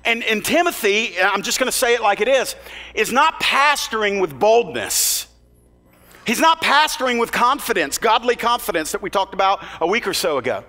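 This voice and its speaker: A pastor preaches to his congregation in a bright, high-pitched voice, earnest and plain-spoken, slipping into casual asides. His sermon rings with the long reverb of a large church hall. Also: sing-song, moderate pace.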